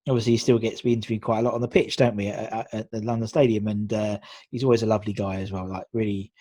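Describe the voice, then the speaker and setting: A man hosting a casual chat, talking quickly and loosely with many restarts. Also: lowish voice, little pitch movement, warm tone, dry recording. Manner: chatty, quick, full of fillers and restarts. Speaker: host.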